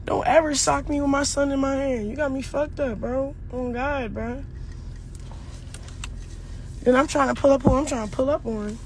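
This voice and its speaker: A woman's voice: high voice, moderate pace, pauses often, a little hiss or hum. A young woman, upset and shaken, angrily ranting into her phone by a car, cursing and repeating herself. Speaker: mother filming a live phone video. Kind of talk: agitated phone video rant. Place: in and around a car, outdoors.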